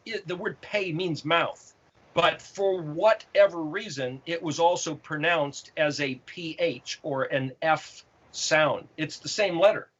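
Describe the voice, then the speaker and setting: High-voiced man explaining in lo-fi sound. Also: a bit bright. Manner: expounds on Hebrew letters, repeats and restarts phrases. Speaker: host answering viewer questions. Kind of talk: casual explanatory talk.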